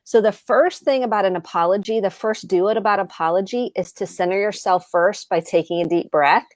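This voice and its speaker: A woman's voice: mid-range voice, a little fast, no echo, clean studio sound. A middle-aged woman therapist giving earnest advice, often listing words and acting out short example dialogues. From United States. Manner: earnest, speaks in lists, acts out example dialogue. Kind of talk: explaining tips on a live show.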